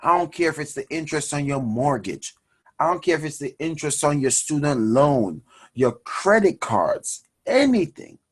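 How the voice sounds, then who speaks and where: Animated husky man hosting a money show. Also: fairly high pitch, moderate pace. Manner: animated, preachy, addresses audience as guys. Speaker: finance show host. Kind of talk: energetic motivational money talk.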